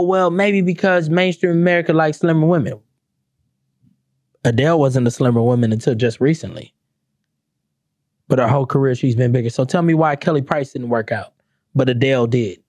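A woman's voice: a little mellow, no echo, clean studio sound. A woman hosting her own podcast, ranting bluntly and sarcastically with lots of swearing and rhetorical questions. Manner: swings between high exclamations and low, dropped asides. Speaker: podcast host. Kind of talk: profane ranting podcast monologue.

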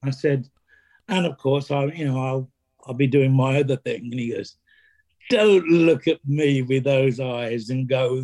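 A middle-aged man, telling stories as an interview guest, halting, restarting, and acting out quoted lines. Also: medium pitch, mellow. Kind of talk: conversational storytelling.

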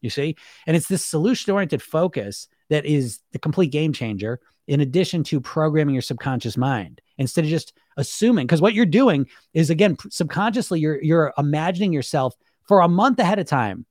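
A man's voice: a little high, expressive, a little fast, hardly any pauses, darkish tone, no echo, studio quality. A man coaching viewers on weight loss through self-hypnosis in a blunt, emphatic monologue, swearing casually and asking rhetorical questions.

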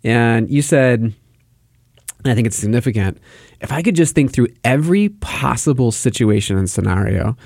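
A man's voice: medium pitch, animated, moderate pace, creaky, a little mellow, no room sound, studio quality. A man co-hosting a casual faith podcast, explaining ideas with vivid word pictures. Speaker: podcast co-host giving advice.

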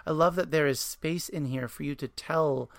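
A man interviewing an author about a picture book in an enthusiastic, halting conversational way. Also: fairly high pitch, gravelly, no room sound. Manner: warm, enthusiastic, halting with restarts.

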